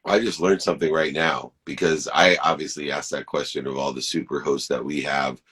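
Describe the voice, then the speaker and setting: A male talk show co-host with a very deep, slightly rough, somewhat bright voice talks a little fast in a steady tone. The energetic podcast conversation finds him enthusiastic and preachy, rambling into spiritual asides.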